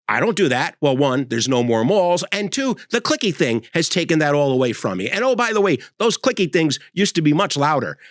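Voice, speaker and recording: A man in his sixties giving a sarcastic, animated comedic monologue as host. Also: on the high side, dry recording. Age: 60s.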